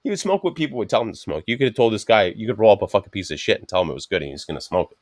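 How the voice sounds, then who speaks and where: A man's voice: fairly low pitch, expressive, racing, no room sound, clean studio sound. A man co-hosting a podcast in casual chat, telling rambling anecdotes full of swearing and acting out what others said. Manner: acts out quoted speech of others. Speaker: podcast co-host.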